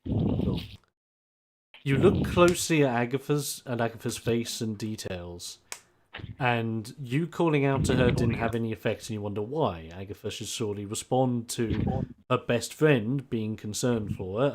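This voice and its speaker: A man's voice: mid-range voice, normal speed, noisy background. A man running a tabletop game as game master, narrating scenes dramatically and handing out rolls.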